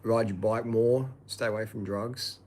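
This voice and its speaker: A man's voice: on the low side, steady tone, measured pace, a little mellow, a little hiss or hum. A man in a casual chat who talks in a laid-back, blunt way, dropping "man" and "like" often.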